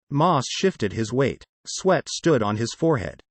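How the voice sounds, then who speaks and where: A man reading an audiobook in a steady, measured way. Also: medium pitch, no room sound. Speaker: audiobook narrator. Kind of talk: audiobook narration.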